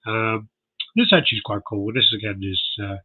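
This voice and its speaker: Deep-voiced American man on a phone-like line. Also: fairly quick, slightly rough. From United States. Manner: chatty, laughs often, reads out specs. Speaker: podcast co-host. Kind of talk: casual chat.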